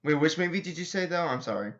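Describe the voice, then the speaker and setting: A young man cohosting a casual podcast, agreeable and quick to chime in. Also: a little high, animated, fairly bright tone. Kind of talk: casual chat. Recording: dull lo-fi mic.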